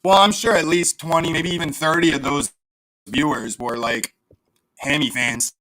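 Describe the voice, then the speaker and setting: A male livestreamer on a desktop mic, ranting sarcastically and swearing freely as he answers chat. His voice sits high and comes across bright and sharp. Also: fairly even intonation, normal speed. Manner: profane, sarcastic, reads chat aloud. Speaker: livestream host. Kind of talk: casual livestream rant.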